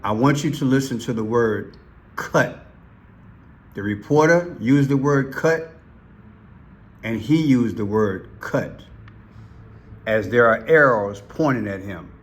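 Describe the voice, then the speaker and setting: This is a man at an unhurried pace, talking over clips he plays. He leans hard on key words and repeats them. His pitch sits in a middle range. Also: lively intonation. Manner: emphatic, stresses single words and repeats them. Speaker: commentary channel host. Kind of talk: slow, deliberate commentary over played clips.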